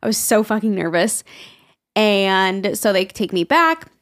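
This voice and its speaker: A woman's voice: medium pitch, measured pace. A young woman co-hosting a podcast, telling a story in casual chat, acting out the people she quotes and laughing often. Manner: animated, acts out quoted people in raised voices, laughs often. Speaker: podcast co-host.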